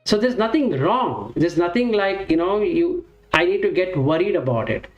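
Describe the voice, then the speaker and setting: A man with a high voice and wide pitch swings speaks at a normal pace, giving a reflective teaching talk on Buddhist practice. He explains things step by step, posing questions and answering them himself. The lo-fi recording has a roomy echo and faint music.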